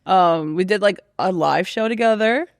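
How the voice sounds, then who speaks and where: Boston girl in her 20s, creaky voice, laughs a lot, swears casually. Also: mid-range voice, normal speed. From Boston area. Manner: laughs often, swears freely, playful. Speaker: comedian guest. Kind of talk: casual podcast chat.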